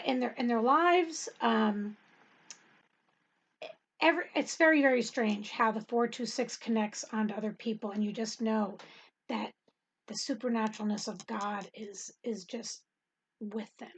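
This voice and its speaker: A woman's voice: fairly high pitch, breathy edge. A middle-aged woman telling a rambling testimony in casual talk, with many ums and frequent laughter. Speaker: Bible study host and teacher.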